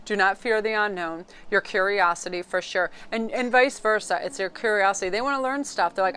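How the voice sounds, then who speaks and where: Excitable chatty middle-aged woman. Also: mid-range voice, brisk, smooth, faint music behind. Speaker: tarot card reader. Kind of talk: casual pick-a-card reading to camera.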